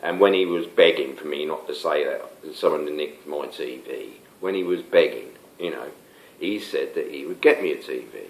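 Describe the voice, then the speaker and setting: A man's voice: extremely low pitch, normal speed, a little hiss or hum. An older man, rambling through a casual spoken anecdote with plenty of fillers and restarts. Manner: rambling, stop-start, many fillers. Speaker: storyteller. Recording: roomy echo.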